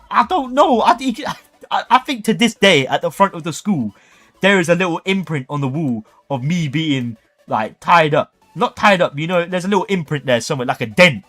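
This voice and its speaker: Young man, livestream host, animated and jokey storyteller with a very lively delivery. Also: high voice. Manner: animated, jokey, acts out voices.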